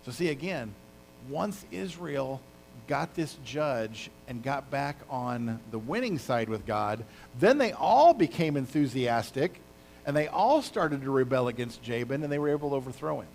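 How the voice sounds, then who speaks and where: A male pastor preaching a casual, animated sermon, retelling a story with exclamations and asides. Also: medium pitch, unhurried, vocal fry, a little hiss or hum, low-quality recording.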